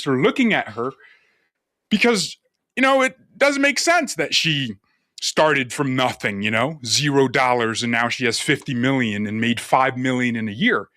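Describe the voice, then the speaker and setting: A man's voice: a little high, pushed and bright, no room sound, studio quality. A man hosting sarcastic political commentary, with a mocking, theatrical delivery.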